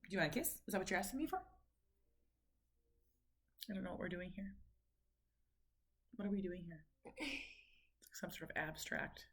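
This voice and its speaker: Patient, lively-voiced mother coaching speech. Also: lowish voice. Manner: patient, encouraging, drawn-out prompting. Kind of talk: home speech practice.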